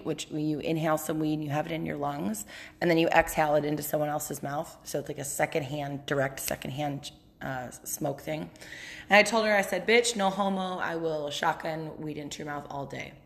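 A woman with a twang talks into her phone for a casual solo podcast. Her voice sits a little low, and she rambles candidly and profanely, often breaking into laughter. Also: steady tone, brisk. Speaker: podcast host. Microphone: phone app.

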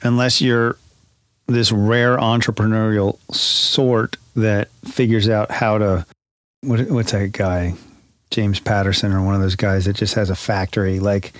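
A man with a fairly low voice thinks aloud in a casual podcast chat. He wanders through his points and corrects himself as he goes. The sound is dry and close to the mic. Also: flat delivery, a little slow, no room sound. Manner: thoughtful, rambling, self-correcting. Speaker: podcast co-host.

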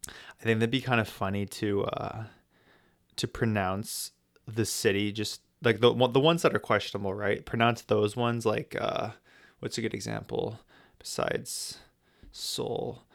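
A man's voice: on the low side, fairly even intonation, measured pace, vocal fry. An American man talking in a casual travel vlog, rambling and joking with many restarts. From United States. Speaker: travel vlogger.

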